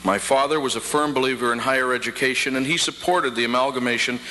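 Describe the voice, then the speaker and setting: A man's voice: medium pitch, bright, forceful tone. Man speaking in a reverberant hall. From Prince Edward Island, Canada. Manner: measured, dry humor. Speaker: convocation speaker. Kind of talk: formal ceremonial address with jokes. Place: large hall. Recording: reverberant hall, faint hum, 1990 archive.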